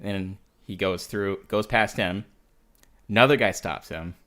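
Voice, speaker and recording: Male podcast host, somewhat low voice, profane and lively yarn-spinner. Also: a little slow. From United States. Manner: profane, animated storytelling with laughter. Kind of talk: casual storytelling chat.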